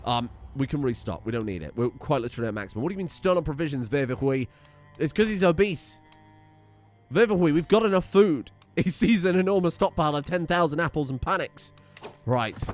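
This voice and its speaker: A young man talks through his gameplay in a casual, excitable way, thinking aloud and swearing now and then. His pitch jumps around a lot as he speaks. Faint music plays quietly underneath. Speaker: let's play host.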